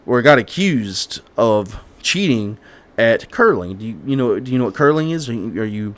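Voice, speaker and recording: A man's voice: mid-range voice, animated, moderate pace, fairly bright tone. A young man hosting a casual podcast stream while gaming, talking in a rambling way with restarts and the odd stammer. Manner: rambling, self-correcting with frequent restarts; stammers at times.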